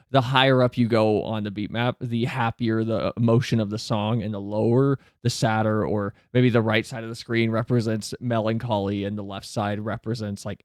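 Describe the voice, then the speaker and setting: A man streaming live, chatting casually and answering questions from his chat, with quick asides that climb higher when he gets flustered. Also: darkish tone, no room sound, studio quality.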